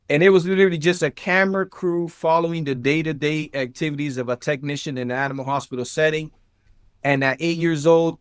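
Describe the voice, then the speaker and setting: A man in his thirties with a South Florida accent, a podcast guest telling his story in a lively, chatty way with many fillers. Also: fairly high pitch, clear, resonant tone, no echo, studio quality. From South Florida, USA. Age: 30s. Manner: animated storyteller, many fillers, addresses listeners as guys. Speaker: podcast guest, vet tech and entrepreneur. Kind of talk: casual interview chat.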